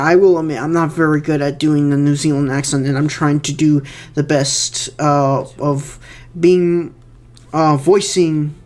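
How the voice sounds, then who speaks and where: A man's voice: a little high, darkish tone. A young man giving casual director's commentary on his fan film, rambling with many fillers and repeated words.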